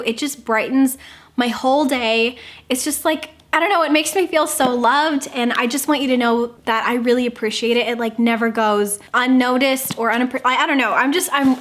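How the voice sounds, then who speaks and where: A young woman hosting a casual unboxing vlog, gushing and excitable, with squeals and gasps. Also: high voice. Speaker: book vlogger.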